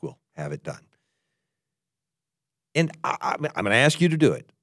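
A man delivers a podcast sermon in an earnest, heartfelt way. His pitch sweeps up and down with feeling as he shifts between emphatic lines and hushed ones. The recording is dry and close, with no room sound. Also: no room sound. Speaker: pastor.

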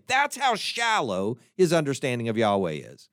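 A man's voice: medium pitch, huge pitch swings, normal speed, few pauses, fairly bright tone, dry recording, studio quality. A man teaching a Bible lesson, thinking aloud and often repeating words as he searches for the next one. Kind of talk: teaching talk to listeners.

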